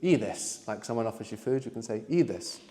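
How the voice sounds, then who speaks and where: A man teaching a live language workshop, explaining slowly and prompting his students to answer. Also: medium pitch, expressive, mellow, long reverb tail. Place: room with students.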